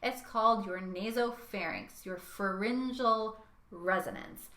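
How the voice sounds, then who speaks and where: A young woman vocal coach giving a singing lesson, talking in a lively way and showing each sound with her own voice. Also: medium pitch, slow pace, roomy sound.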